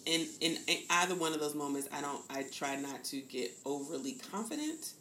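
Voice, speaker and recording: Speaking briskly in a low, expressive voice with a sharp edge, this woman in her fifties from the American South is a candid podcast guest. In this reflective conversation she performs the voices she quotes, recorded in an echoey room with a little noise.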